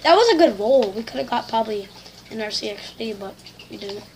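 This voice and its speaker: A woman giving excitable, complaining live commentary over a shooter game she is playing, full of slang. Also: a little high, a little fast, a little hiss or hum. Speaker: gamer.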